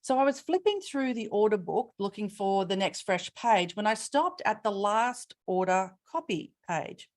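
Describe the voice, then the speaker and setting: A middle-aged Australian woman giving a webinar keynote, telling stories with expressive emphasis and asking rhetorical questions. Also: mid-range voice, a little slow, few pauses. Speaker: keynote speaker.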